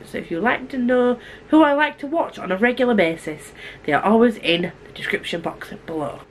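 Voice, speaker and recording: A fast, chatty woman reviewing books on her vlog. She gushes and piles on asides and restarts, with her voice at an ordinary middle pitch. A faint hum of room noise sits behind her. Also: poor audio. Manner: fast-talking and gushing. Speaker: book vlogger. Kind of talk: casual book review vlog.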